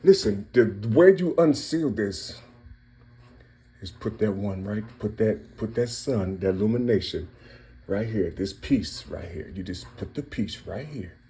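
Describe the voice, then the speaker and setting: Mellow-voiced man preaching on word codes. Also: fairly low pitch, expressive, a little slow. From Cincinnati, Ohio, US. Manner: repetitive, circling back on phrases; preachy, addressing listeners directly. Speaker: channel host. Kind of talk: casual monologue explaining word codes.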